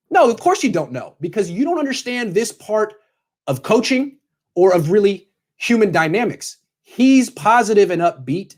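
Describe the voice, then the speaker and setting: A man doing sports opinion commentary, bluntly lecturing a coach directly in the second person. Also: high-pitched.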